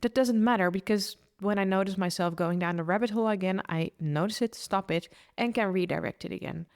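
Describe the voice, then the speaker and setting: A woman's voice: mid-range voice, fairly quick. A woman hosting a solo podcast, giving earnest, upbeat mindset advice to listeners with frequent restarts. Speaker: podcast host and mindset coach.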